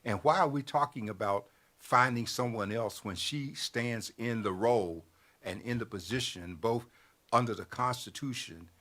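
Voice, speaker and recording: A man, a newspaper editor, explaining a political process in a measured way on a talk show. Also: mid-range voice, fairly bright tone.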